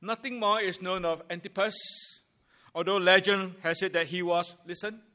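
A man preaching a sermon as pastor, emphatic and deliberate, building points in rhythmic groups of three. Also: high-pitched, fairly even intonation, pushed and bright.

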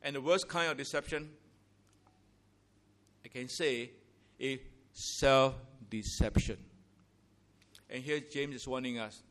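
A man's voice: medium pitch, a little slow, pauses often, fairly bright tone. A man from Singapore, preaching a sermon in church with emphatic rhetorical questions and rising declarations. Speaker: pastor. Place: church sanctuary.

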